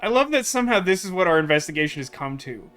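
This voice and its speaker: A man's voice: high voice, big pitch swings, quick pace, fairly bright tone, clean tone, faint music behind. A young man rambling through casual gameplay commentary as a let's play host, full of fillers. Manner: chatty, rambling with many fillers.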